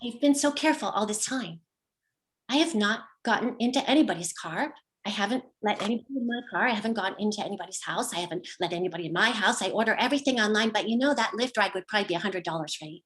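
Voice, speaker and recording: A middle-aged woman performs a personal story for an online show from home, using wry, dry humor and now and then slipping into quoted voices. Her voice is mid-range and fairly bright, and she talks fast.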